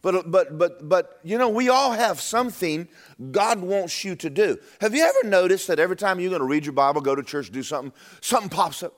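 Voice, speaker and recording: A man delivering a sermon in an animated storytelling way, his voice sitting a touch high and swinging widely up and down. He stumbles and repeats words as he goes and drops low and quiet when quoting others. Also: a little fast. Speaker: preacher.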